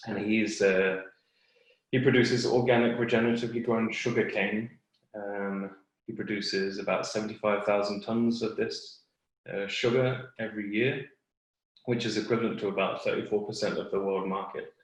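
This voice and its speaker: A man explaining clearly and patiently as a guest expert on a webinar. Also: on the low side, steady tone, moderate pace, heavy reverb, rough recording.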